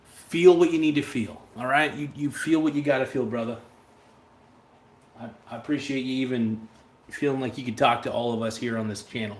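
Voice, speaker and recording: A man's voice: mid-range voice, brisk, a little hiss or hum. A man hosting a livestream, talking in a casual, rambling and blunt way and answering viewer chats. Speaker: livestream host.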